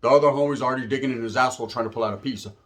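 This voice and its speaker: A man's voice: mid-range voice, rapid-fire, soft background music. A man casually telling a story full of swearing and street slang, acting out the people in it and often adding "right?". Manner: profane, animated, acts out the voices of people in his story. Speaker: storyteller guest.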